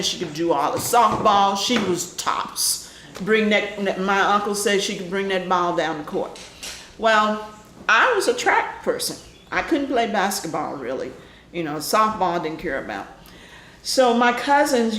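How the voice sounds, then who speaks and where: An older woman animatedly telling a family story in an interview, laughing often and acting out the voices of people in it. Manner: lively, laughing, acts out voices in high shouts. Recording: echoey room with faint noise.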